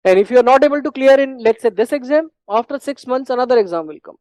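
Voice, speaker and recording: In a classroom lecture on medical exam preparation, a teacher with an Indian English accent hammers points home by repeating them and keeps clearing his throat. The mid-range voice is animated, racing, and darkish in tone, captured in a dry, lo-fi recording.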